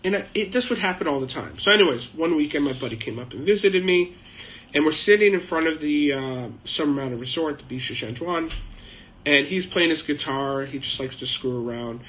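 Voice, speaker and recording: A man's voice: fairly high pitch, animated, fairly quick, a bit bright, poor audio. A middle-aged man hosting a live chat, telling a casual, rambling story with lots of uh and um fillers. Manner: rambling, anecdotal, frequent uh and um fillers. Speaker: host of a live chat stream. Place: home shed, living in China.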